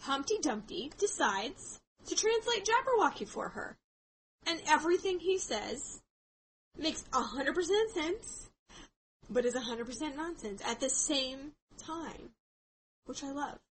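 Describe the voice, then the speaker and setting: A woman's voice: sits high, measured pace, a little hiss or hum, poor audio. A woman co-hosting a podcast, retelling a book in casual chat with lots of laughter and expression. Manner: animated, laughing, voices quoted characters. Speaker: podcast co-host.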